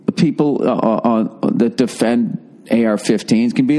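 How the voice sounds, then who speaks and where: A man's voice: mid-range voice, normal speed, warm tone. A man hosting a podcast, riffing solo in a profane, rambling, sarcastic monologue. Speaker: podcast host. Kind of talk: casual comedic monologue.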